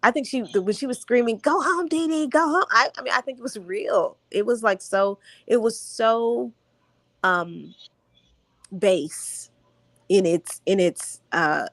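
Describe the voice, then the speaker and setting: A woman's voice: mid-range voice, unhurried, a bit bright, dry recording. A woman on a commentary stream who talks reflectively and searches aloud for the right words. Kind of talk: casual commentary.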